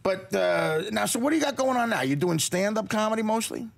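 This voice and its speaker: A man's voice: high-pitched, expressive, fairly quick, creaky. A middle-aged man hosting a casual studio talk show, blunt and crude, laughing often and stammering into his questions.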